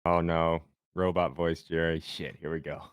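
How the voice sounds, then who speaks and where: A man's voice: low voice, little pitch movement, moderate pace, clear, resonant tone, no echo, studio quality. A man hosting a sports betting livestream, chatting loosely and joking with his co-host and chat.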